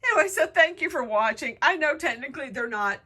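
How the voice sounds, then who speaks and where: A middle-aged woman, chatting in a casual home vlog, gushing and getting emotional in excited bursts, recorded on a handheld phone indoors. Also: sits high, brisk. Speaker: craft vlogger. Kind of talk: casual chat.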